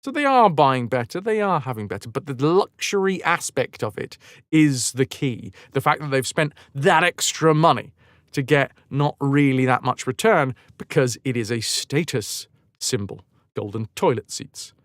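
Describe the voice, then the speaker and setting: Rambling streamer with a lively voice. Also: male voice, medium pitch, normal speed, dry recording, clean studio sound. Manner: digressive, self-interrupting, wry, swearing. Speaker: livestream host. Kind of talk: casual rambling chat.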